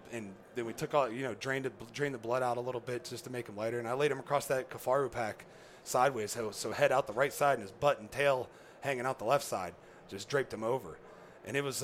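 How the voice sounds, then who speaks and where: A man races through a hunting story at a quick clip, his pitch sitting in the middle of the male range. He laughs often and bursts into the voices of the people he quotes. A soft hiss of room ambience sits under his voice. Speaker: guest, former pro football player. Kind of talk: animated storytelling.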